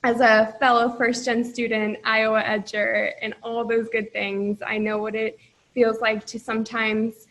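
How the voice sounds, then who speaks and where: A young woman congratulates graduates over a video call, and she sounds emotional and close to tears. Her voice is somewhat high. It moves within a narrow, even range. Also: measured pace. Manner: emotional, holding back tears. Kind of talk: emotional speech.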